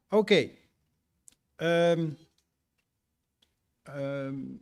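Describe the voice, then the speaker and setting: A male teacher addressing a ceremony, hesitant and searching for words. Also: medium pitch.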